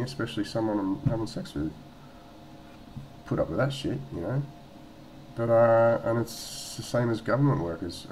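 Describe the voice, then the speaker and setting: A man's voice: lowish voice, darkish tone, slight background noise, rough recording. An Australian man telling a story casually in a vlog at home, rambling and swearing, with lots of fillers and restarts. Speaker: vlogger.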